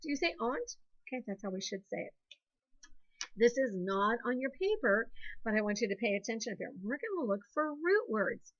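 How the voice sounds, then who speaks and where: Encouraging Ohio teacher, lo-fi sound. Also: female voice, on the high side, animated, a little fast. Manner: patient, encouraging, sing-song teacher talk. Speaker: second grade teacher. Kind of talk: phonics lesson, call-and-response with pupils.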